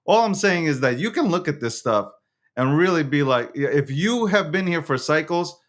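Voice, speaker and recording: A man talks casually to his audience about the markets, his voice on the higher side and leaping all over the place. He is slangy and swears freely, and he keeps dissolving into giggles he can't hold back. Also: animated, moderate pace. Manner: keeps breaking into giggling fits. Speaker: host of a crypto news show. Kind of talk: casual monologue to camera.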